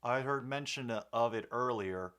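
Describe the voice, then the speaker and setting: A man's voice: medium pitch, measured pace, fairly bright tone, clean tone. A young man casually calling a football game play by play and chatting with viewers, with a rambling, filler-heavy way of talking. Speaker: host of a sports commentary stream.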